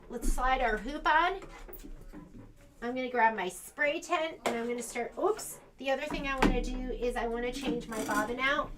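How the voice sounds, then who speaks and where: High-voiced chatty American woman teaching embroidery. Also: a bit bright, slight background noise. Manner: chatty, thinks aloud, self-correcting. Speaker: sewing shop instructor. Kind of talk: embroidery demonstration. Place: sewing shop.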